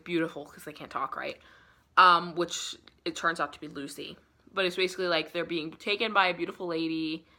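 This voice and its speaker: A woman's voice: on the low side, sharp tone. A young woman in her twenties, a bit tipsy, casually retelling a classic novel with lots of swearing and filler "like". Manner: rambling, profane, heavy use of "like". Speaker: book vlogger. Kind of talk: casual book summary.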